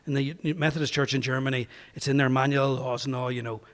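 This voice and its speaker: A Northern Irish pastor speaks fast in a steady, medium-pitched voice, telling a funny tale to a crowd in a reverberant parish hall with background noise. He's conversational and anecdotal, performing the voices of those he quotes.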